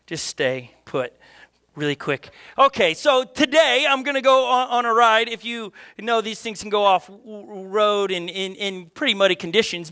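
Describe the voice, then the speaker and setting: A middle-aged pastor preaches with a high, bright voice. He talks in a loose, excitable way, stumbling over restarts and acting out little asides. His delivery stays energetic and conversational throughout. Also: clear, resonant tone. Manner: energetic, restless, with many restarts and quoted asides. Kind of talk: sermon.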